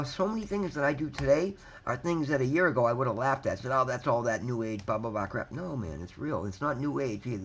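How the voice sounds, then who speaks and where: An earnest man speaks straight to his viewers about gratitude and faith, his voice sitting at an ordinary middle pitch. He repeats himself, swears freely and keeps calling them "guys". A faint hum of background noise sits under his voice. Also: vocal fry. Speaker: motivational vlogger. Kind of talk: casual heartfelt monologue to camera.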